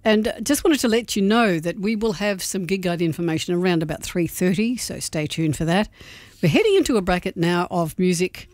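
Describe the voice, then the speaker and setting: Chatty radio hostess. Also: female voice, on the low side, animated, fairly quick, a little mellow, no room sound. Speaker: radio host. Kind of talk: casual radio chat. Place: radio studio.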